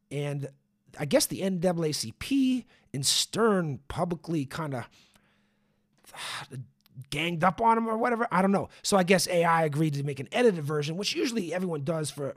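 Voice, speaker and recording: A man hosts a podcast by himself, a little high in pitch. He rambles and swears, stacking fillers and asides. He has been hiccuping for days. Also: animated, normal speed. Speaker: podcast host. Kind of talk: casual solo podcast monologue.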